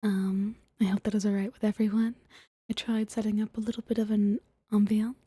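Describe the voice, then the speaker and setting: A young woman streaming, reading a book aloud in a soft, hesitant, whispered ASMR style. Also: medium pitch, little pitch movement, a little fast, husky, no echo, clean studio sound.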